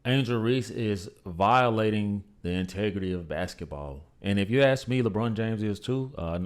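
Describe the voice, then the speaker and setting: A man with a fairly low voice hosts a reaction show. He talks emphatically and opinionatedly, and keeps calling his viewers "guys." He speaks. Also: darkish tone. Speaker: commentary channel host. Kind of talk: reaction commentary.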